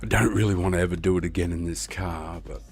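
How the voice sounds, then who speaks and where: Over soft background music, an Australian streamer chats while racing in a game, talking fast in a low voice. He's relaxed and rambling, hesitating often.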